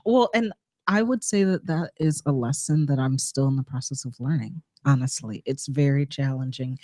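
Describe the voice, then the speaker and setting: A woman's voice: a bass voice, normal speed, dark tone, dry recording, clean studio sound. A woman guest on a community radio talk show, speaking frankly and earnestly about her work and self-care, laughing along with the host. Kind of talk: casual interview chat. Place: radio studio.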